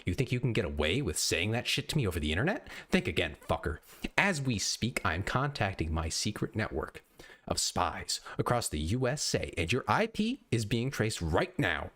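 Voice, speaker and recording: A boastful sniper hurls profane threats in a steady rant, as a man reads a meme aloud. The voice is deep, with pitch that rises and falls widely. The delivery stays menacing and over the top. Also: moderate pace. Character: boastful furious male sniper, threatening tough guy. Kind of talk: meme reading on stream.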